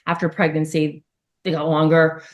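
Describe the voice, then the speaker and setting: A middle-aged woman chats as a podcast guest in a somewhat low voice. She tells stories casually and loosely, with plenty of asides. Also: completely flat delivery, moderate pace, a little mellow. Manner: chatty, storytelling, with laughs and asides. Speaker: podcast guest, former model. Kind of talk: casual interview chat.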